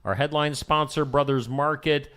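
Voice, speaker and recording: A man's voice: on the high side, steady tone, moderate pace, a bit bright, smooth. A male morning show host reading odd news stories casually, tossing in wisecracks. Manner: playful, wisecracking, ad-libs comments on the stories. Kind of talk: casual live news read with jokey asides.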